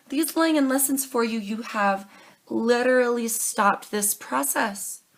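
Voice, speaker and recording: A young adult woman doing a tarot reading to camera, earnest and pleading, calling her listeners darling and baby. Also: a little high. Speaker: tarot reader.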